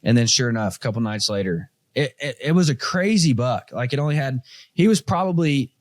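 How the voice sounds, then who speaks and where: Dry-voiced man telling a lively story. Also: mid-range voice, fairly quick, no room sound. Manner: animated storyteller, acts out quoted voices. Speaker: podcast host. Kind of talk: casual hunting story chat.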